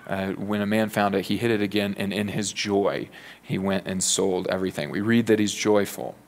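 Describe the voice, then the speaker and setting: A man's voice: fairly low pitch, steady tone, moderate pace. A man preaching a sermon in an earnest, conversational way, often saying "you know".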